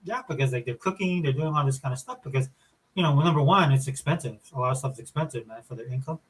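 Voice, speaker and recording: Fast-talking, husky middle-aged man chatting. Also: medium pitch, low-quality recording. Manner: rambling, animated storyteller with many fillers. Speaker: podcast co-host. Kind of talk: casual chat.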